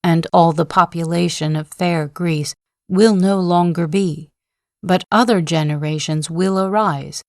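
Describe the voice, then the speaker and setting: A woman reading a proud male general who declaims his defiance in long, solemn oaths, voiced slowly in a lowish register. The delivery is dry and close, with no room sound, as befits a sleep-story audiobook. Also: dry recording. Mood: impassioned. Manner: declamatory, impassioned oratory at a slow, even reading pace.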